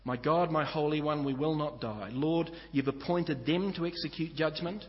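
A man's voice: on the high side, normal speed. A man preaching a sermon to a congregation, earnest and full of rhetorical questions. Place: church hall. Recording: dull echoey church recording.

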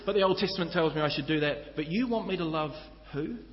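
An incredulous, devout Jewish man of old, as a New preacher puts him on, questioning in disbelief. The voice sits fairly high for a man and rings out in a reverberant hall, with a slightly dull sound. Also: fast talker, natural voice.

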